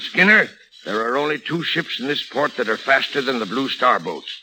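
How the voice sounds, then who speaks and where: An actor playing a blustering sixty-year-old shipping boss who bellows colorful sea oaths, in 1940s radio acting style. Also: male voice, mid-range voice, sing-song, normal speed, sharp tone, slight background noise, poor audio. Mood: scheming.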